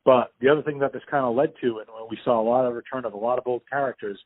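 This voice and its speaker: A man's voice: medium pitch, fairly even intonation, quick pace, no echo. A man hosting a podcast, chatting casually and enthusiastically over the phone, rambling with restarts. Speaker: podcast host. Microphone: phone call. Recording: tinny phone line.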